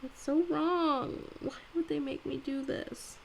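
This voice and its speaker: A young woman talks to herself in a high voice, slowly and loosely. She complains at her equipment with dramatic, foul-mouthed exasperation. A faint noise floor sits under the home recording. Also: fairly even intonation, vocal fry, low-quality recording. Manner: chatty, swears freely, dramatic complaints. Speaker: vlogger. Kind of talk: casual solo vlog with singing.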